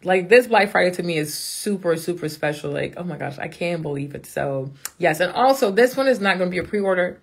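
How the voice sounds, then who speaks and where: Bubbly woman squealing with excitement. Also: fairly low pitch, brisk, creaky, few pauses, slightly rough. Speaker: makeup brand owner. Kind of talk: casual live-stream chat.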